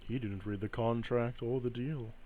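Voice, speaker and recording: A man's voice: mid-range voice, steady tone, moderate pace, phone-quality sound, lightly acted. A man voicing a coaxing spirit in a cube. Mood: reasoning. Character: scheming spirit bound to a cube, offering deals.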